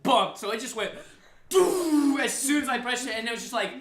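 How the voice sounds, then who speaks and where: A young man co-hosting a podcast spins a rambling, profanity-laced story and jumps into the voices of the people in it. His voice is bright and forceful, and the room has a noticeable echo. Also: extremely high pitch, racing, a little hiss or hum. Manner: rambling, profane, excitable storyteller who acts out quotes. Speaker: podcast co-host. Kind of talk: casual storytelling chat.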